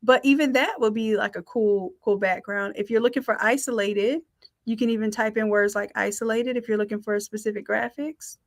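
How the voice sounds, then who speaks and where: A woman's voice: fairly high pitch, brisk. A woman teaching a live design class, talking in an upbeat, chatty way and thinking aloud as she works. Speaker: design instructor. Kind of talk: live software tutorial.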